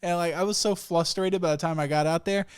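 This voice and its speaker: A man's voice: high-pitched, fairly even intonation, brisk, clean tone. A young man hosting a solo podcast, telling stories in a rambling, profane way and laughing often. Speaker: podcast host. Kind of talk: casual solo podcast rant.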